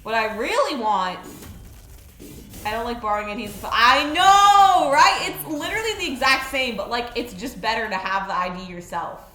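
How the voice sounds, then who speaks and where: A young woman streaming a game, chatting in an excitable, rambling way with lots of fillers. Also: a little high, fairly quick. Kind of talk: casual live-stream chat. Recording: roomy echo with faint music.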